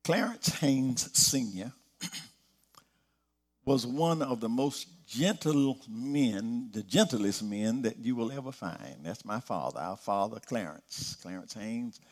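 Male preacher, middle-aged, slow delivery, soft low stretches, rising emphatic peaks, sermon. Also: expressive.

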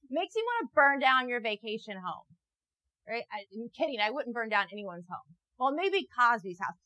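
A young adult woman riffs through a sarcastic, profane comic monologue, rambling and then jumping into loud mocking voices. Her voice is bright and a little high. The sound is dry and close, with no room around it. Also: dry recording, low-quality recording. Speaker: comedian. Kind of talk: stand-up style comic monologue. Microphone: new wireless mic, walking around.

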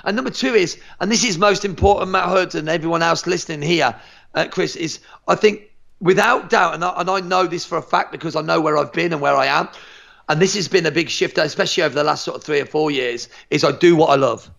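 A martial arts instructor talking on a podcast, energetic and emphatic, swearing freely and tripping over repeated words. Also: male voice, fairly high pitch, fast, vocal fry. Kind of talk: motivational podcast chat.

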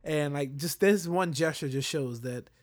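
A man's voice: a little high, a little slow. A young adult man telling a story in a casual chat, acting out the voices of the people in it. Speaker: podcast co-host.

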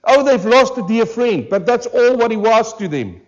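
A pastor preaching a sermon to a church congregation, emphatic and full of rhetorical questions, slowing down hard on key words. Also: male voice, extremely high pitch, lively intonation, dull audio. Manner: emphatic, with rhetorical questions and slowed, drawn-out stresses. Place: church service.

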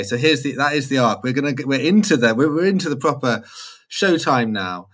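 A man with a middle-of-the-road pitch chats on a podcast. He talks in an animated, loose way, filling his sentences with "like" and chuckling easily. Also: fairly quick. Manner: animated, chatty, many "like"s, laughs easily. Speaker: podcast co-host. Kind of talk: casual chat.

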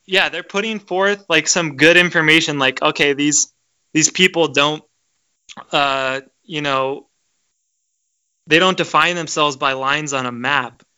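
A man hosting a casual podcast chat, talking in an excitable, emphatic way and often repeating his words. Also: a little high, measured pace, clean tone. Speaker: podcast host. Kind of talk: casual conspiracy chat, reading aloud.

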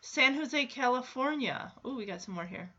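A woman hosting a podcast alone in casual chat, chatty and excitable, with frequent laughs. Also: high-pitched, normal speed, dull audio. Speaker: podcast host.

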